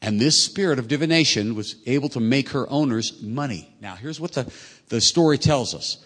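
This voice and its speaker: A husky male pastor preaching a conversational sermon in a large hall with a long echo. His pitch moves a lot as he asks rhetorical questions and eases back down. The voice is slightly breathy. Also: expressive, normal speed, a bit bright. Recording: echoey hall.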